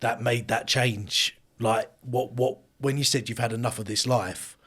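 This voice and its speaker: Husky-voiced male podcast interviewer. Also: mid-range voice, fairly even intonation, a little slow, fairly bright tone. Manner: searching questions with stumbling repeats. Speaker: podcast host. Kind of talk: interview questions.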